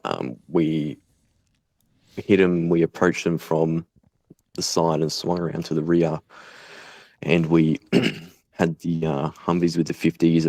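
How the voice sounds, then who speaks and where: A young Australian man speaking bluntly in an interview, swearing freely and pausing often with fillers. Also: a bass voice, a little mellow, no room sound. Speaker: guest, volunteer fighter. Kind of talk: casual conversational interview.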